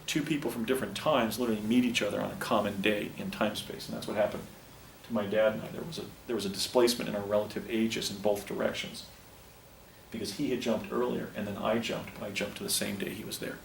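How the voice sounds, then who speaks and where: A man giving a public lecture in an earnest, halting way, often restarting his sentences. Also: on the low side, steady tone, vocal fry, a little hiss or hum. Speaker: presenter. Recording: roomy, distant lecture recording with faint ambience.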